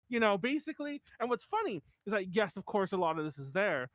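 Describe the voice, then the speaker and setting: A man's voice: high-pitched, very animated, fast, a bit bright, no echo. A man hosting a podcast in casual chat, rambling with many fillers and restarts. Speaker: podcast host.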